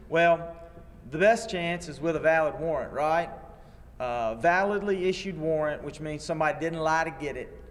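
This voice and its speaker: A man, a lawyer teaching a training seminar in a wry, anecdotal way. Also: a little high. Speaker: attorney and workshop instructor. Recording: long hall reverb.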